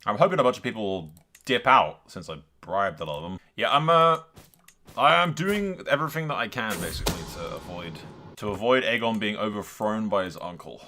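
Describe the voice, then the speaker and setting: Animated young man commenting on a strategy game. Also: on the low side, brisk, a little hiss or hum. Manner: animated, talks to the game characters, laughs often. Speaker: gaming YouTuber. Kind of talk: casual let's-play commentary. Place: home.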